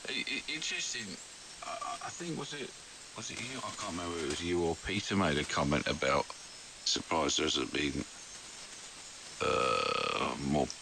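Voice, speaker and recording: A man's voice: deep voice, gravelly. A man chatting on amateur radio, hesitant and full of stammered restarts. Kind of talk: casual radio chat. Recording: noisy amateur radio signal.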